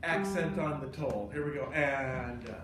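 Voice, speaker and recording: A man teaching conducting to a class, animated and joking, counting beats and singing lines to demonstrate in a cold rehearsal room. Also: mid-range voice, unhurried. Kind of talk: classroom instruction. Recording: echoey room, mic far off, noisy.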